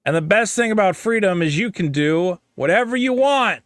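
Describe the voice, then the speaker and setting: A man co-hosting a podcast, delivering a profane, animated comedic rant and mimicking other people's reactions. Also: sits high, moderate pace, no echo, clean studio sound. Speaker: podcast co-host.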